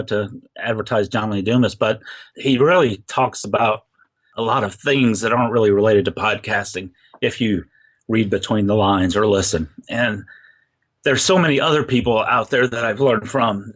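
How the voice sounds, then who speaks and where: A man's voice: mid-range voice, normal speed, a bit bright. A man as a podcast guest, talking earnestly and rambling with many fillers. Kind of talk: casual interview talk.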